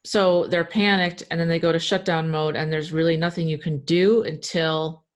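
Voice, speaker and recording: A woman interviewer in calm conversation, agreeing and reflecting back what she hears. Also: low voice, moderate pace.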